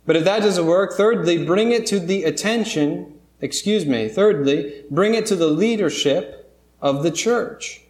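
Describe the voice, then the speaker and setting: A man's voice: high voice, measured pace, a little mellow, reverberant. A man preaching a sermon as pastor, earnest and emphatic, mixing stories with scripture.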